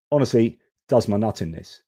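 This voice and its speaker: A man's voice: lowish voice, mellow, dry recording, studio quality. A man hosting a live-stream news commentary, frank and exasperated, with casual swearing. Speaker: host.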